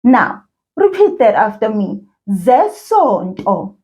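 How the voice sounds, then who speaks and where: A woman teaching children a language lesson, speaking slowly and encouragingly and repeating words for learners to echo. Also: on the high side, very animated, a little mellow. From South Africa.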